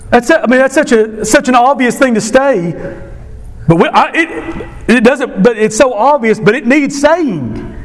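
Slow, emphatic high-voiced male preacher. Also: in a large hall. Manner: emphatic, repeats key phrases, leads call-and-response. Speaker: pastor. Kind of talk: sermon.

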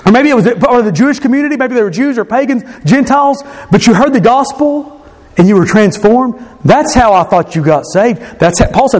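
A man preaching a sermon as pastor, earnest, voicing quoted speakers with emphasis. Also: very high-pitched.

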